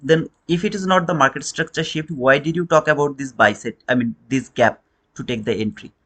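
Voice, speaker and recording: Guy running a live chart lesson, kinda high voice, keeps quizzing chat and repeating himself, non-native english. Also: a little fast, a bit bright. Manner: repeats points, questions chat viewers directly. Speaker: trading teacher.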